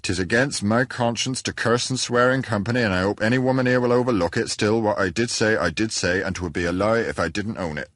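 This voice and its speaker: A man's voice: lowish voice, a bit bright, no room sound, studio quality, voice pushed up. A man doing a grave villager. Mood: earnest. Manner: grave, emphatic, deliberate. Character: solemn, earnest rustic storyteller man. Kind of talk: audiobook character reading.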